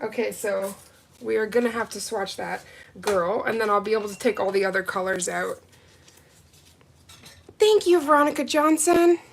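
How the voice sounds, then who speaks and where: A woman's voice: mid-range voice, fairly quick, vocal fry, slight background noise. A woman hosting a live nail art stream, chatting casually with viewers and reading out their comments. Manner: chatty, reads and answers viewer comments, excitable. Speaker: nail livestream host. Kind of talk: casual livestream chat with viewers.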